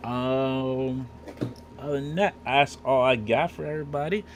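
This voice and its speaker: A man's voice: medium pitch, fairly even intonation, a little slow, a little hiss or hum. A man hosting a casual podcast, joking and rambling with many restarts. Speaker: podcast host. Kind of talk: casual chat.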